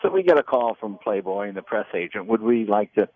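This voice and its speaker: A man in his sixties, a comedian and former talk show host, telling lively anecdotes in an interview and acting out the people in them. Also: fairly low pitch, brisk. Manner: animated anecdotes with quoted voices. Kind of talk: storytelling interview. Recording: dull lo-fi dry sound.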